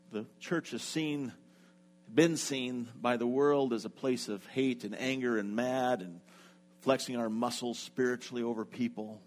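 Man, middle-aged, pastor, sermon, storytelling, acts out each person's lines, medium pitch. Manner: lively storyteller who acts out what people said.

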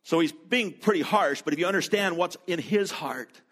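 A man preaching a sermon in a relaxed, conversational storytelling way, with quick asides. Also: on the high side. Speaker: pastor.

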